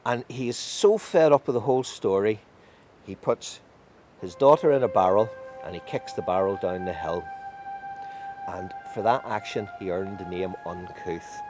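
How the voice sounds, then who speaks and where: A man telling a folk tale in a lively, wry way with drawn-out emphasis. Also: fairly low pitch, music in the background. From County Tyrone. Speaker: storyteller.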